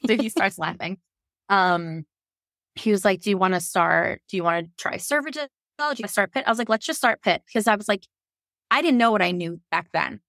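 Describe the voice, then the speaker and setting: A woman's voice: medium pitch, brisk, no room sound, studio quality. A woman in her thirties from Virginia, a podcast guest telling her birth story in a casual, frank way, acting out her own and others' words and laughing often. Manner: animated, quotes herself and others, laughs often.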